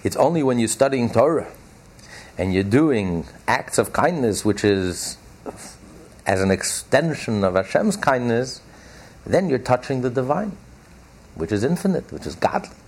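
A man leads a class, expounding a text with emphatic repetition and slowing down on the phrases he wants to land. His voice has a gravelly fry and a husky, slightly rough edge. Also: medium pitch, animated, a little mellow. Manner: emphatic, repeats key phrases slowly. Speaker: Torah class teacher.

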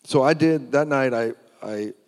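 A man's voice: medium pitch, measured pace, in a large hall. A man preaching, telling his personal testimony in an earnest storytelling way.

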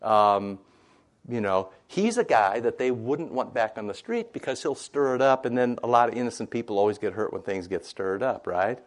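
A man's voice: mid-range voice, animated, moderate pace. A man giving an informal scripture lesson, chatty and conversational, retelling the story in everyday modern language and often checking in with "right?". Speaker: Bible teacher.

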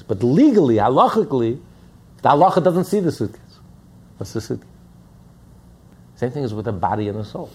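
A man's voice: medium pitch, darkish tone, slightly rough. A man teaching a Hasidic text in a lecture, repeating points and asking rhetorical questions. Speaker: Torah teacher.

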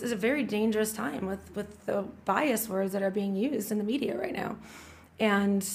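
A woman's voice: mid-range voice, gravelly. A middle-aged woman in casual podcast conversation, chatty and enthusiastic, often restarting her sentences. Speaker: guest.

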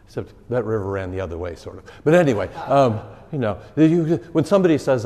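A man's voice: medium pitch, expressive, brisk, vocal fry, mellow. Man, pastor, informal teaching talk, long hall reverb. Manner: conversational, repeats key phrases for emphasis. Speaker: pastor teaching a catechism class.

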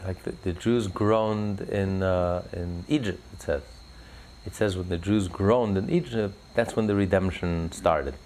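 A man speaks with fervent conviction, his low voice carrying a gravelly texture. His talk rises in emphatic surges, pressing each point hard. There is a faint ambient hiss behind him. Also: unhurried, darkish tone. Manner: fervent, builds to rising emphatic peaks. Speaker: religious speaker. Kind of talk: impassioned religious talk.

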